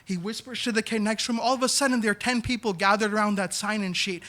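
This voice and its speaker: A man from New York City tells a comic personal story on a small theater stage. His voice sits high and sounds bright and forward. He is animated and acts out the people he quotes. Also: fast. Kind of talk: live comedic storytelling.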